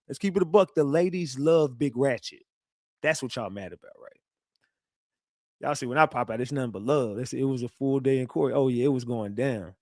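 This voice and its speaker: A man on a livestream rants loosely at his chat. He stays defensive and boastful, swearing freely and restarting sentences. His voice sits a little high and sounds dry, as if he is right on a close mic. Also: dry recording. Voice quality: profane, animated, repetitive restarts. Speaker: livestream commentator. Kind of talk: casual livestream rant.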